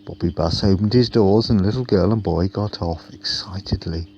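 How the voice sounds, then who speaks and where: Gentle storybook narrator, male, low dark voice, unhurried. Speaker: storybook reader. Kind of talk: children's storybook read-aloud. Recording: dull lo-fi with faint hum.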